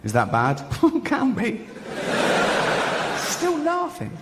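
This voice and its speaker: A man performing a stand-up routine, deadpan storytelling with acted-out dialogue. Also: very high-pitched, drawn-out words. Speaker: stand-up comedian. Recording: reverberant venue, faint noise.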